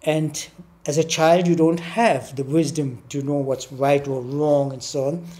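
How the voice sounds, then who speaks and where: A man's voice: fairly high pitch, a little slow. An older man, telling childhood stories in an interview and acting out the voices in them. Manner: animated storyteller who acts out quotes with laughs. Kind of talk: storytelling interview.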